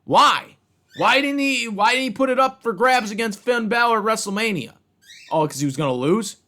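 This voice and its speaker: A man with a rather high voice delivers a heated, profanity-laced rant. He keeps circling back to the same complaints, stressing each with blunt, repetitive outbursts. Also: animated, moderate pace, sharp tone. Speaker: wrestling commentator ranting on his channel. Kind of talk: angry rant.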